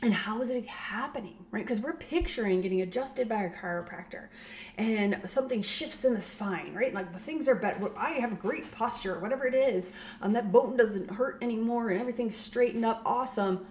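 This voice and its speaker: A woman's voice: on the high side, normal speed, a little mellow. A middle-aged woman chiropractor talking casually to parents, often adding "right?" and acting out quoted voices. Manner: conversational, tag questions, acts out quoted voices. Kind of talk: casual educational talk.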